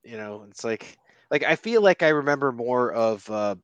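Male co-host, expressive and bouncy, easy laugher, dry close sound. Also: medium pitch, normal speed, clear, resonant tone, no echo, dull audio. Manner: lively, laughs often, reacts loudly. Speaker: podcast co-host. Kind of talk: casual chat.

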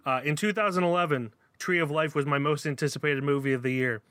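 A man's voice: fairly high pitch, fast, a bit bright, clean tone. A man co-hosting a movie podcast, talkative and opinionated in casual chat about films. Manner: talkative, opinionated film reviewing. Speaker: podcast co-host.

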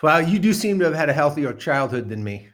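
A man's voice: on the high side, very animated, a little fast, very noisy. A man telling a long personal story in a casual, rambling way, with many ums, asides and the odd swear word. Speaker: storyteller guest.

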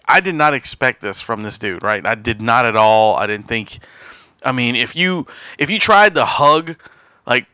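Bright and forceful, this man's mid-range voice carries a rambling podcast anecdote, laced with laughter and quoted asides, that keeps restarting. There's no room sound in the recording.

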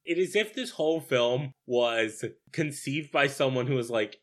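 Dry, scornful man co-host who talks slowly, casual review. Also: medium pitch, animated. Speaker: podcast co-host. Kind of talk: casual chat, film review.

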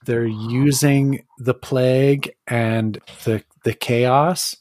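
A man runs a tabletop game as its narrator, speaking slowly at a mid pitch. He often pauses and restarts, filling gaps with "um." His voice sounds dry and close to the mic. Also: steady tone, a little mellow, no echo. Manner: unhurried, hesitant with fillers and restarts. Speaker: game master.

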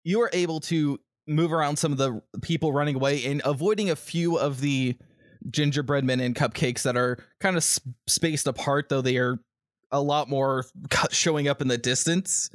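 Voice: medium pitch, normal speed, no room sound, studio quality. A game master casually narrating a tabletop game, rambling and laughing often.

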